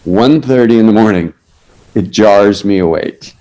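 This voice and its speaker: A man's voice: fairly low pitch, a little slow, warm tone, rough recording. A man as a podcast guest, telling a long anecdote with laughs and frequent self-corrections. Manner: storyteller who acts out quoted voices, with laughs and self-corrections.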